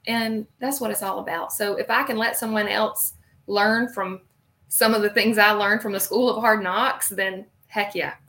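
A woman's voice: mid-range voice, fairly even intonation, normal speed, sharp tone. Female guest, Southern US accent, casual and upbeat, filler-heavy speech. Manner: casual and upbeat, many likes. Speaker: guest, practice consultant. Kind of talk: interview chat.

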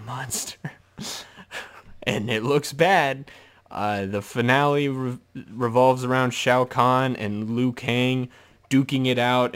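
A man hosting a casual solo podcast, his voice sitting at an ordinary middle pitch. He talks in an animated way about a movie, laughing often. He drops into mocking impressions of the characters as he goes. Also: clean tone. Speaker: podcast host.

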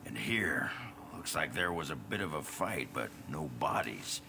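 A blunt, grumbling warrior companion from a video game. His voice is extremely deep and gravelly, and he speaks slowly. The game audio is noisy behind the talk. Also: animated, heavily acted. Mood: suspicious.

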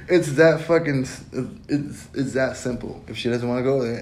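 A man's voice: normal speed, hardly any pauses. A man giving blunt, profane dating advice in a casual podcast monologue. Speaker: podcast host. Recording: echoey room with faint rumble.

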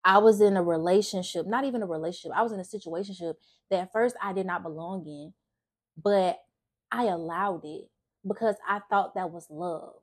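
A woman's voice: on the low side, slightly rough. A young woman giving a candid, emotional personal faith testimony in a casual, earnest way, often restarting her sentences. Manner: casual speech with frequent restarts. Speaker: faith vlogger.

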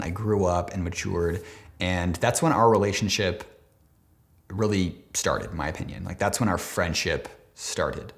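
A man of twenty-nine talking casually and emotionally to camera, rambling with many fillers and restarts, swearing now and then, choked up at times. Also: fairly low pitch. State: near tears, choked up at times. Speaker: vlogger. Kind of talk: casual heartfelt talk to camera.

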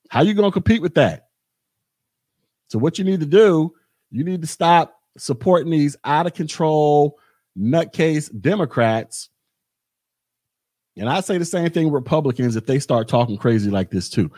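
A man's voice: fairly high pitch, a little mellow, dry recording, clean studio sound. A podcast host, a man, delivering a blunt, repetitive political rant in a monologue. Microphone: podcast mic.

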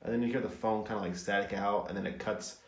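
A man chatting on a podcast, retelling a movie in an animated way, swearing and laughing often. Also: on the low side, fast, creaky, echoey room. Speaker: podcast co-host. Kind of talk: casual chat.

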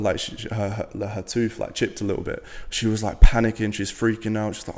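Young man, twenties, from Latvia, deep voice, blunt casual talk, swears a lot, echo from a large room. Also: level tone, brisk, darkish tone. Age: 20s. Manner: blunt, swears freely, many fillers. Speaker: podcast guest.

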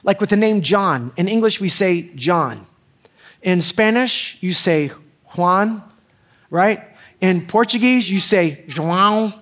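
A man's voice: sits high, animated, slow, fairly bright tone. A middle-aged man preaching a sermon as pastor, joking and talking straight to the crowd with questions.

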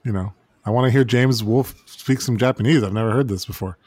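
A man co-hosting a casual podcast, teasing and joking in quick banter. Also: medium pitch, darkish tone, dry recording. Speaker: podcast co-host.

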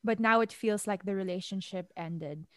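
Casting note: relaxed woman podcast co-host, friendly and supportive, dry close-miked sound. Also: mid-range voice, normal speed, dry recording. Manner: chatty, supportive, says "like" and "dude". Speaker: podcast co-host reading listener letters. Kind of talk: casual advice chat.

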